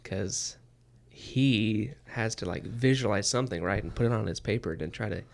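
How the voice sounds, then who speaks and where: Casual male co-host, rambling, gravelly. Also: lowish voice, normal speed. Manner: rambling, many fillers and restarts. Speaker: book podcast co-host. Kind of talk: casual chat.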